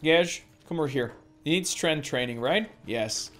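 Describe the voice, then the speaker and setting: A woman's voice: deep voice, lively intonation, normal speed, soft background music. A woman giving let's play commentary as a gameplay streamer, swearing constantly and ranting at the game.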